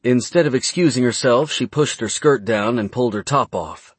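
A man narrating an audiobook in an even, steady reading. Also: mid-range voice, moderate pace, breathy edge, no room sound.

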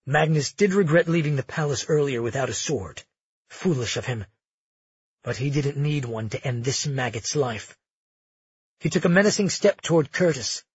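A man narrating a fantasy audiobook in a steady, measured way. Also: medium pitch, breathy edge, dry recording, muffled recording.

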